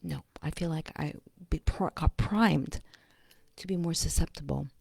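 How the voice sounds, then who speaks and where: A woman with a low voice full of gravelly fry talks slowly in a rambling vlog. She often slips into a husky, breathy whisper and speaks bluntly. The sound is close and dry, with no room echo. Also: a little mellow. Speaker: vlogger. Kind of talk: casual rambling monologue.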